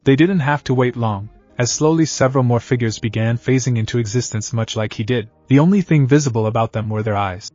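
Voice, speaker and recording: A man narrating a fanfiction audiobook in a steady, even storytelling manner. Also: medium pitch, fairly quick, few pauses, dry recording, lo-fi sound, soft background music.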